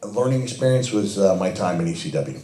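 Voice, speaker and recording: A middle-aged man telling animated, self-mocking stories as a guest at a fan Q&A event, laughing often. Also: sits low, brisk, heavy background noise. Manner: animated, laughs often, many restarts and fillers. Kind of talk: anecdotal storytelling. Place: event hall with audience. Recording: echoey event hall.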